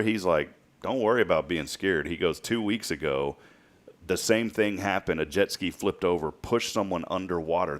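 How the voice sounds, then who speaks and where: A man in his late thirties hosting a show, telling stories in a casual, chatty way and laughing often. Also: deep voice. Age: late 30s. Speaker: podcast host. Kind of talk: casual chat.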